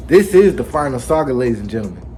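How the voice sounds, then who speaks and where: A man hosting a casual anime chapter recap, telling it with lively slang and acting out the characters. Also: mid-range voice, fast. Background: faint background music.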